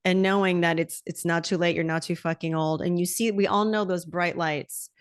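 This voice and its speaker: A woman's voice: lowish voice, steady tone, moderate pace, smooth, no echo, studio quality. A middle-aged woman hosting a podcast, talking candidly and with animation, swearing freely in casual conversation. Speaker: podcast host.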